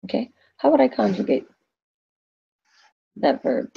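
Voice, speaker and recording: Gravelly-voiced woman teaching a lesson. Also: fairly high pitch, animated, measured pace, muffled recording. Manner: chatty, asks questions and answers them herself. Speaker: Spanish teacher. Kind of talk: recorded classroom lesson.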